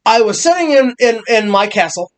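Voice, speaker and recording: Excitable guy talking wrestling, high voice, keeps stumbling and restarting. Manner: excitable, halting restarts, acts out quotes. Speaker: podcast co-host. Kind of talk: casual wrestling review chat.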